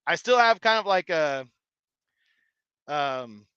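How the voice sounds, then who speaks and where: A man's voice: fairly high pitch, animated, takes it slowly, pushed and bright, clear, resonant tone, no echo, lo-fi sound. A man hosting a live stream, chatting casually and rambling with many restarts and fillers. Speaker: live stream host reading chat. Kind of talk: casual chat.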